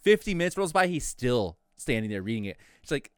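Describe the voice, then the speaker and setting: In casual podcast chat, a young man rambles through a long workplace story, acting out his coworkers' lines. His medium-pitched voice swings widely and moves fairly quickly, with a clean tone in a dry, studio-quality recording.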